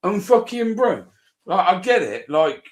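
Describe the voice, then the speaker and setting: A British man telling a story in casual live chat, animated and swearing a lot as he recounts it. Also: high-pitched, a little slow. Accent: British English. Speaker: auditor streamer. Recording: roomy echo.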